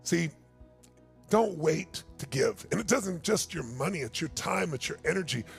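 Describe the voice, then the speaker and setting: A man's voice: on the high side, animated, moderate pace, soft background music. A man in his sixties, a motivational speaker telling a story in a keynote talk, emphatic and building to urgent appeals. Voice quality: gravelly.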